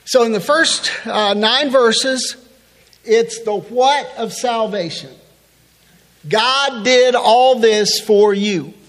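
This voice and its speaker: A man preaching a sermon in a very high voice, taking his time over each phrase. He stresses his points with rising emphasis and reads scripture aloud. His voice rings out with a long reverb, as in a church hall. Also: slow, a bit bright. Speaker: pastor.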